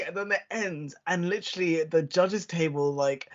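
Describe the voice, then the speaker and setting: A young adult podcast co-host telling stories in an animated, casual way, acting out quotes and using lots of fillers. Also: mid-range voice. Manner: animated storytelling, quick acted-out quotes, many fillers. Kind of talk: casual chat. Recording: dull lo-fi recording.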